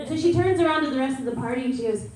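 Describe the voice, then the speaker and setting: A woman's voice: sits high, very fast, a little mellow, a little hiss or hum. A woman, a voice actor on a convention panel, telling a story in a chatty, bubbly way, recorded far off in an echoey hall.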